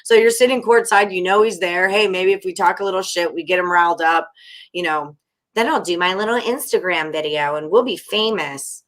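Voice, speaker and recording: A woman's voice: on the low side, fairly quick, fairly bright tone. A woman co-hosting a live podcast over a video call, frank and blunt, often laughing. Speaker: podcast co-host. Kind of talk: casual live podcast chat.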